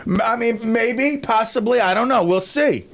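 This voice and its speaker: A male radio show host chatting in a rambling, excitable way from his studio, calling out shout-outs to listeners. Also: extremely high pitch, normal speed. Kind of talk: casual radio chat. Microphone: studio microphone.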